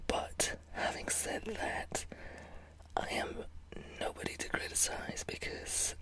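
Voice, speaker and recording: A British woman chatting in a soft whisper for her ASMR vlog, friendly and apologetic. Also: takes it slowly. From Britain. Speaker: ASMR channel host.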